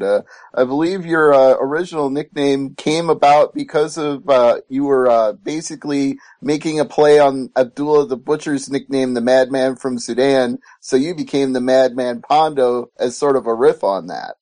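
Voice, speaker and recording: A man's voice: mid-range voice, moderate pace, a little mellow, no echo. A man hosting an online radio interview, upbeat and laughing easily with his guest. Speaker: radio show host.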